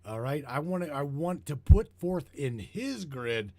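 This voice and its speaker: A man hosting a broadcast, talking in a heated, profane, rambling way and repeating himself, his voice getting hoarse. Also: a little high, lively intonation, measured pace, dark tone, dry recording. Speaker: broadcast host. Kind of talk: rambling conspiracy talk show.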